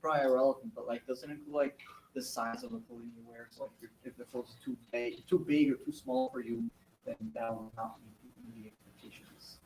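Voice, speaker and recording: A man's voice: mid-range voice, lively intonation, fairly quick, vocal fry, darkish tone, roomy sound, poor audio. A young man, a student, asking a question in class, hesitant and full of fillers.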